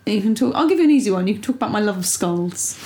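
A woman's voice: mid-range voice, animated, rapid-fire, warm tone. A young woman co-hosting a casual podcast, playful and bossy in jokey banter. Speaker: podcast co-host. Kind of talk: casual chat.

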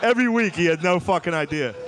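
A man telling comedic stories, animated and laughing often between lines. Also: high voice, fast talker, background noise. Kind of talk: comedic storytelling.

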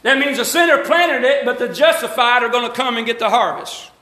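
Southern preacher, Alabama accent, middle-aged man, very high voice, call-and-response sermon, echoey church. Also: fairly quick, pushed and bright. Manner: call-and-response preaching, rising emphatic lines, folksy asides. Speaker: pastor. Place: church sanctuary.

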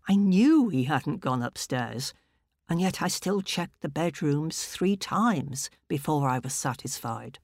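Slow, measured woman reading fiction. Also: deep voice, no echo, clean studio sound. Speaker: author. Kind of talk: reading her own short story aloud.

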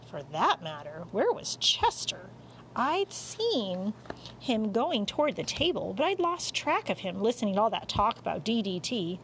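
Woman reading a kids book out loud, animated and a bit high, faint hiss behind. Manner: expressive, lively reading with dramatic pauses. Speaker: audiobook reader. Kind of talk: storybook narration.

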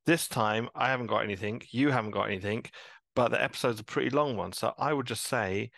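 A man's voice: medium pitch, vocal fry, a bit bright, dry recording. Man, 30s; easygoing teasing podcast co-host, dry sound. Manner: laid-back, teasing, quick to laugh. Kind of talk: casual podcast chat.

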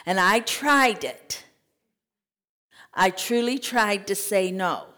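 A woman teaching a Bible study as a sermon, lively, acting out scripture and conversations in other voices. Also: mid-range voice, slow pace. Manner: animated, acts out scripture quotes and conversations. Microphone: podcast mic.

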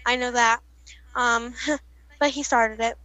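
A woman's voice: fairly high pitch, level tone, slow pace, bright, forceful tone, rough recording. A young woman telling a rambling storytime vlog, with lots of fillers and laughs. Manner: rambling, giggly, frequent fillers. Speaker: vlogger. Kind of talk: casual storytime.

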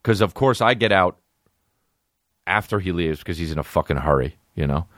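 A man's voice: deep voice, lively intonation, moderate pace, a bit bright, dry recording, studio quality. A man hosting a podcast, telling a rambling, profane comic story and reading ads. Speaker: podcast host. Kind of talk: comedic storytelling and ad reads.

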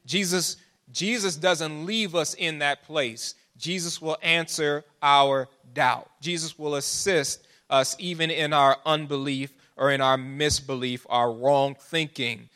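Bright high-voiced preacher. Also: male voice, steady tone, slow. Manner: preaching with rising, pleading intensity and call-and-response asides. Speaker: pastor. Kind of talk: sermon.

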